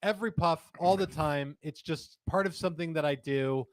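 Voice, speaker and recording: A man's voice: on the high side, moderate pace, no echo. A man hosting a casual livestream chat, talking in a chatty, joking, rambling way. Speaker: livestream host.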